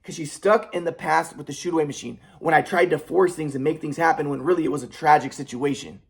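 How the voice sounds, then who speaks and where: A man's voice: fairly high pitch, fairly even intonation, fast talker, vocal fry. A young adult man in an agitated, rambling casual monologue with frequent swearing. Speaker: vlogger.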